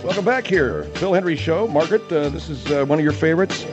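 A man's voice: fairly high pitch, lively intonation, fast talker, muffled recording, over music. A man hosting a comedic radio talk show, wry and playful, often mock-flustered.

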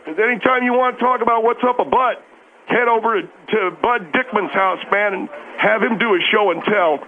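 Bumbling male caller voiced by a man, high voice, halting delivery, heard over a tinny phone line. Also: slight background noise. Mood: flustered. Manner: halting, stumbling, fumbles names.

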